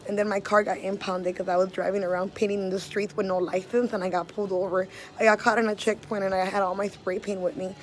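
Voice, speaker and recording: A young woman from the Los area, an artist telling her own story in blunt, profane words, loud one moment and hushed the next. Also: mid-range voice, level tone, fast talker, hardly any pauses. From Los Angeles area. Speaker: street artist. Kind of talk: candid personal storytelling.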